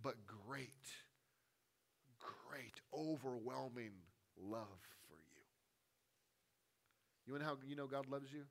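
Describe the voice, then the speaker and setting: A man, a pastor, preaching a sermon, with a delivery that swings from hushed, intimate lines to loud, rising appeals. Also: mid-range voice, expressive, slow, creaky, pauses often.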